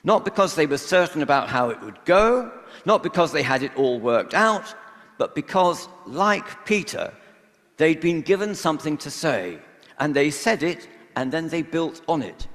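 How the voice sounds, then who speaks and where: A vicar giving a measured, reflective sermon in a church, pausing often between phrases. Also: male voice, fairly high pitch, very animated, a bit bright. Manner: measured, reflective preaching with pauses. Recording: long church reverb.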